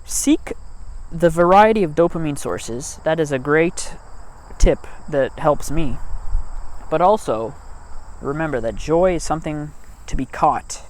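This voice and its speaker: A man's voice: fairly high pitch, expressive, unhurried. A man talking to camera in a rambling, casual monologue outdoors in a field, joking at his own expense and laughing often between thoughts, into a cheap mic with poor wind protection. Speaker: vlogger. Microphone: cheap mic without proper wind protection.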